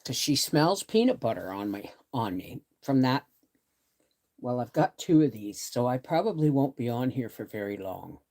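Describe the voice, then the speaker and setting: A woman's voice: very deep voice, sing-song, moderate pace, warm tone. A middle-aged woman chatting casually on a live stream from her bed, rambling and greeting viewers by name. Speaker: homestead channel host. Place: bedroom, in bed.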